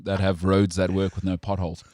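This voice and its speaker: A man's voice: low voice, monotone, brisk, a little mellow, no room sound. A man with a South African accent hosting a sports talk show, opinionated and joking, rambling with restarts in studio banter. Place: radio studio.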